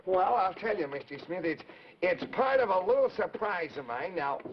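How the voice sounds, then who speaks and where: A man's voice: high-pitched, very animated, moderate pace, voice pushed up. A man voicing an earnest, friendly boy puppet on a 1950s live children's TV show, stammering and repeating words, heard through a dull old broadcast recording with faint hiss. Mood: eager.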